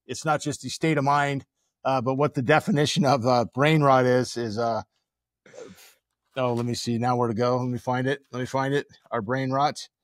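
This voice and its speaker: A podcast host chats casually in a studio, rambling and searching for words with many fillers. His mid-range voice shows little pitch movement at normal speed, recorded on a studio microphone with no echo.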